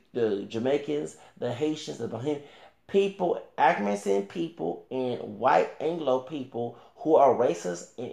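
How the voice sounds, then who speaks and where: Rambling man with a gravelly voice. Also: on the high side, mellow, reverberant. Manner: rambling, with many restarts and fillers; talks back directly to another creator. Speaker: YouTuber. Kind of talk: casual ranting commentary.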